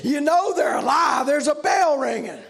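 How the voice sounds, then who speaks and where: A man preaching a revival sermon, his voice sitting unusually high and heavily gravelly. He swings into loud shouted runs with a driving preaching cadence. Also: lively intonation, normal speed, soft background music.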